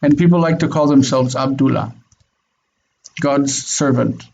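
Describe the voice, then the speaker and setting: A man's voice: mid-range voice, a little slow, vocal fry, a little mellow. A man teaching Hebrew in an online class, patiently explaining and affirming students with frequent "mm-hmm"s. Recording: dull lo-fi audio with faint noise.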